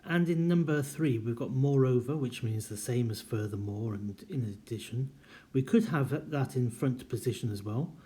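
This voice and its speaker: A man's voice: medium pitch, dark tone. Man giving a careful writing lecture. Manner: clear, deliberate, reads examples aloud with marked intonation. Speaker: university writing teacher. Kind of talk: recorded lecture.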